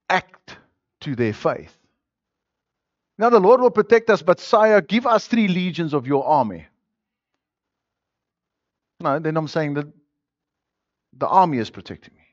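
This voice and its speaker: A male pastor preaching a sermon, swinging between loud, emphatic declarations and quiet, intimate passages. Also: fairly high pitch, no echo. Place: church. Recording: dull, dry lo-fi sermon recording.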